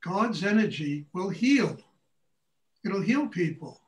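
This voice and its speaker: An older man teaching a meditation class, telling stories in a blunt, animated way, often breaking into laughter. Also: high-pitched, takes it slowly. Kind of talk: storytelling lecture. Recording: echoey room, far from mic.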